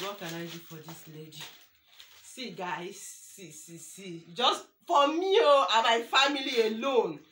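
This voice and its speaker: A Nigerian woman in her thirties talks through an unboxing, slow and emotional, exclaiming and repeating herself. Her voice is bright and a little high. It is recorded in an echoey room with faint noise behind her. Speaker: vlogger. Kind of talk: excited unboxing chat with prayers.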